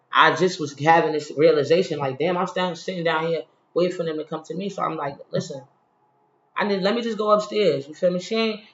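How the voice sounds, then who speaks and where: A man telling a personal story in a casual, heated, slang-filled monologue, retelling a frustrating day. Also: a little high. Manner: animated, heated, slangy retelling with frequent "you feel me". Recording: roomy, slightly dull recording.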